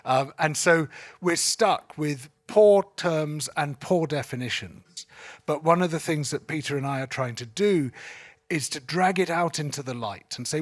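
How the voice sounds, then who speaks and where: A male author explaining the ideas in his book at a panel debate, measured, articulate and emphatic. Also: fairly high pitch. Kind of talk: unscripted panel discussion.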